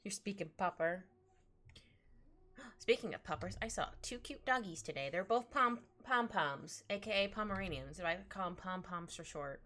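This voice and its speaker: A young woman with a lowish, fairly bright voice and lively intonation chats casually with her viewers while drawing on a live stream, speaking at a moderate pace. She's giggly and playful, talks to her chat, and laughs often over faint background music.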